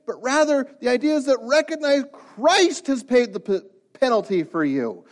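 A man's voice: very high voice, big pitch swings, normal speed, few pauses. A man preaching a sermon, asking rhetorical questions and often repeating his words. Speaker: pastor.

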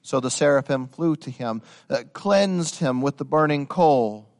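A man preaching a sermon, swinging from quiet explanation to loud, rising dramatic passages and talking to his listeners directly. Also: medium pitch, animated, unhurried. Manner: addresses listeners as guys.

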